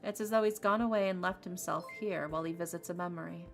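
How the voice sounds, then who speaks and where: A woman's voice: fairly low pitch, fairly even intonation, fast talker, creaky, soft background music. A woman reading as a thoughtful young heiress. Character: young woman heading her family, reflective. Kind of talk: reading visual novel narration aloud.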